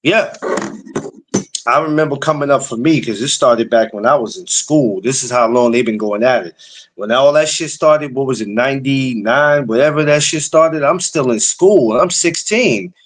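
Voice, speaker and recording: A man, hosting a casual podcast chat. His pitch is mid-range, and his storytelling gets lively, with repeated words for emphasis and frequent swearing. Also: moderate pace, poor audio. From the Bronx, New York.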